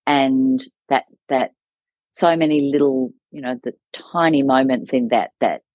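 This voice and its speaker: A woman's voice: a bass voice, a little slow, no room sound, phone-quality sound. A woman co-hosting a casual chat, speaking thoughtfully and affirming her guest often. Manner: thoughtful, affirming, many soft backchannels. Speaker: podcast co-host in education.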